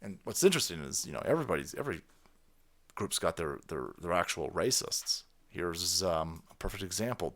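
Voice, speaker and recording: A man ranting in profane political commentary over a clip, sarcastic and mocking, dropping to mutters and then bursting out loudly. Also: deep voice, animated, brisk. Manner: sarcastic, mocking, swings from mutters to loud outbursts. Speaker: commentary streamer.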